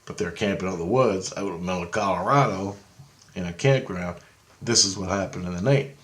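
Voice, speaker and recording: A man telling a story in casual, rambling style, growing excited and swearing freely. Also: sits low, fairly quick. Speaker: vlogger.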